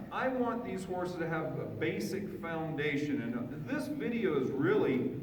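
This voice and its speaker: A man demonstrating horse groundwork in an outdoor round pen, talking in a relaxed, folksy way and chatting to the horse, picked up from far off. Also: fairly high pitch, very echoey, long reverb tail, a little hiss or hum. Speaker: horse trainer. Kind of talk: instructional demonstration.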